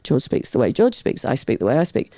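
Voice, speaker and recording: A middle-aged woman, a guest on a talk show, telling a personal story in a lively way, often acting out other people's voices and wandering off on tangents. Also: rumbling low, a little fast, no echo, studio quality. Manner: lively, acts out quoted voices, goes off on tangents. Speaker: podcast guest.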